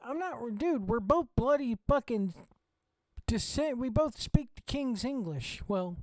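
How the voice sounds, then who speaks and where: A very high, slightly mellow voice belongs to a wrestling show host with a Southern US accent, speaking at a measured pace in an animated way. His watch-along commentary is opinionated, blunt and full of swearing, with no echo.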